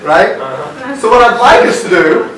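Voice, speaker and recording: A man telling a story to a live audience at a business workshop, animated and constantly checking in with "right?" as he asks the room questions. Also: high-pitched, normal speed, crowd noise. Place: hall with a seated audience. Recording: very echoey hall, mic far off, faint hiss.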